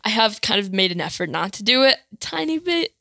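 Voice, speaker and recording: A young woman chatting as a podcast guest, talkative and quick with asides. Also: medium pitch, very animated, gravelly, pushed and bright, no echo, clean studio sound. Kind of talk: casual chat.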